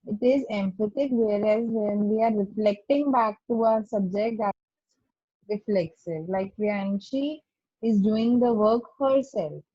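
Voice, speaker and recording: A woman's voice: on the high side, mellow, husky, no room sound. A woman teacher patiently explaining grammar to pupils over a video call. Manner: slow, patient explaining with stressed examples. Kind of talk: online class doubt session. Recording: muffled lo-fi video call audio.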